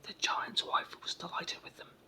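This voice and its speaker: A storyteller with a sore throat and cold reading a children's story aloud in a soft, measured whispered role-play. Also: low-quality recording.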